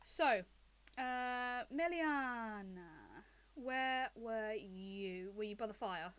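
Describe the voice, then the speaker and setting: A woman running a tabletop game as game master, recapping the story in a relaxed, chatty way. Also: on the high side, very slow.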